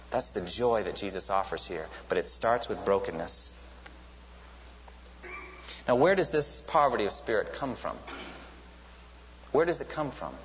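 A man's voice: lowish voice, lively intonation, unhurried, pauses often. A man preaching a sermon in an earnest teaching tone, lifting his voice sharply when he quotes a cry. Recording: lo-fi recording with long hall reverb and faint hiss.

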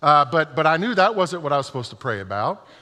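Bright-voiced pastor telling funny stories. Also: male voice, fairly high pitch, sing-song, quick pace. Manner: humorous, self-deprecating storytelling. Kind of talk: sermon. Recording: long reverb of a large church hall.

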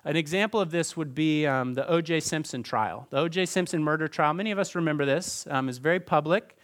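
A man's voice: fairly high pitch, a little fast, fairly bright tone. A man preaching a sermon, retelling scenes with earnest storytelling and acting out the crowd's words. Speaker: pastor.

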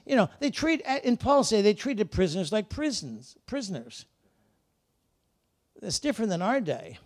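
A man preaching a lively church sermon, swinging between shouted calls and quiet, joking asides, and acting out people's voices in his stories. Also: sits high. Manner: acts out characters in voices. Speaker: guest preacher. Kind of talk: Pentecostal-style sermon. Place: church service.

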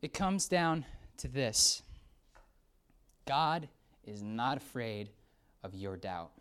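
Casting note: animated preacher, conversational sermon, big swings from hushed to excited. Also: medium pitch, takes it slowly, clean tone. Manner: lively, swings from hushed to excited outbursts, acts out quoted voices.

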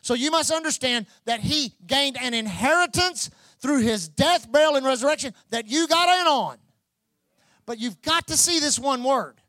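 A man preaching a sermon as pastor, building to loud, repeated calls to his church. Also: very high voice, lively intonation, moderate pace, dry recording. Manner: preaching with rising, shouted repetition.

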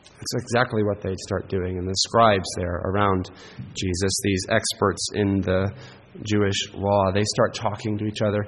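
A man's voice: lowish voice, level tone, normal speed, fairly bright tone, in a large hall, poor audio. A man preaching a sermon as pastor, earnest and emphatic, often checking in with the congregation with a rhetorical "right?".

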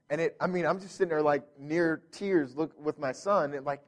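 A pastor in his thirties delivers a sermon, a bit higher-voiced than most men. He tells a story from home in an earnest way, often restarting his sentences. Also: normal speed, hardly any pauses.

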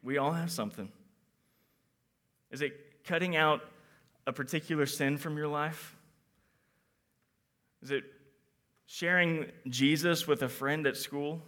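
Animated preacher with a bright voice. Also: male voice, on the high side, unhurried, long pauses. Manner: animated, acts out quotes in different voices; shifts between loud emphasis and quiet reflection. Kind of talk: sermon.

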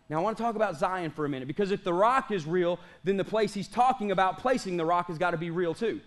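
High-voiced energetic preacher man in his late 30s. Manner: energetic preaching, slows for drawn-out emphatic lines, jokes with the congregation. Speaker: pastor. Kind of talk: sermon.

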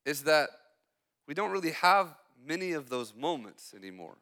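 A young man preaching as a student pastor, chatty and joking with quick asides to the congregation. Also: fairly high pitch, big pitch swings, sharp tone, big-room sound. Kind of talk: sermon. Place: church hall.

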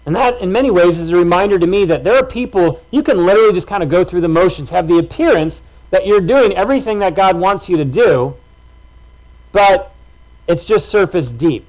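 A man's voice: sits high, fairly quick, low-quality recording. A man preaching a sermon in a casual, conversational way, acting out everyday reactions. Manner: conversational, animated, acts out reactions. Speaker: pastor.

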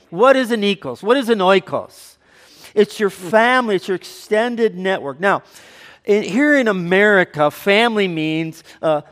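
This preacher's voice runs on the high side and fairly bright. During his sermon he shifts from earnest teaching to easy banter with the congregation, conversational throughout, with a long hall reverb around him.

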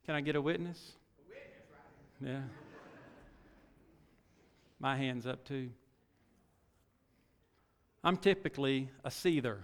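A middle-aged man preaching a sermon in a folksy way, full of rhetorical questions and swinging from quiet asides to loud exhortation. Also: mid-range voice, slow pace, pauses often. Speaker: pastor. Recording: long reverb of a large hall.

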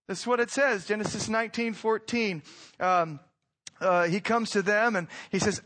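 High-voiced man preaching conversationally. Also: animated, a little slow. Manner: conversational preaching with rhetorical questions and swings in loudness. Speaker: pastor. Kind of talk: sermon.

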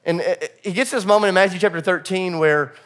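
A man with a high, bright voice preaches to his congregation. He tells an animated personal story, jumping into voices for the people in it. He then moves into teaching from scripture. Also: quick pace. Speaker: pastor.

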